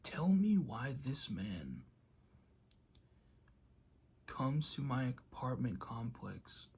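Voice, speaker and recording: A man's voice: medium pitch, very animated, very slow, creaky, slightly rough. A young man talking casually to camera in a motivational vlog, telling a story and acting out quotes. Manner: storytelling, acts out quotes loudly. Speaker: vlogger.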